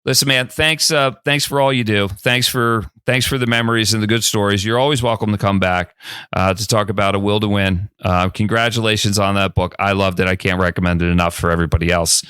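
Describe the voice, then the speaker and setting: A man's voice: on the low side, steady tone, a little fast, bright, forceful tone, clean tone, no room sound, clean studio sound. A man hosting an interview podcast, friendly and encouraging as he wraps up with his guest. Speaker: podcast host. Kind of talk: casual interview.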